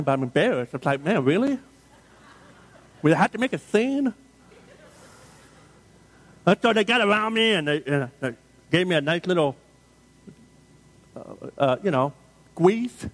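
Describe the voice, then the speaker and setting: A middle-aged male pastor delivering a sermon with a slightly higher than usual voice. He talks to the congregation in a loose, joking, story-driven way, with plenty of asides and questions to the room. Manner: conversational, humorous storytelling with audience asides.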